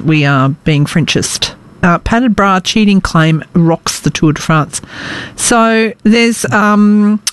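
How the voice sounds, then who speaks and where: A woman's voice: mid-range voice, no echo. A woman hosting a radio show, chatting casually and joking with fillers. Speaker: radio host.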